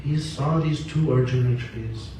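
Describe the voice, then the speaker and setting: A man's voice: medium pitch, a little slow, mellow, a little hiss or hum. A man giving a spiritual talk in an earnest manner, asking questions and answering them himself. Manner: earnest, asks and answers his own questions. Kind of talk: sermon. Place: temple hall. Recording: echoey hall from far off.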